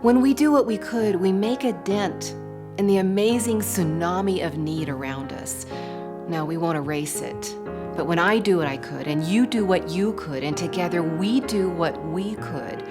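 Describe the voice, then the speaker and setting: An older woman speaks in a somewhat low voice, giving a devotional talk. She tells personal stories in a reflective, storytelling manner, with faint music playing under her words. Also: moderate pace.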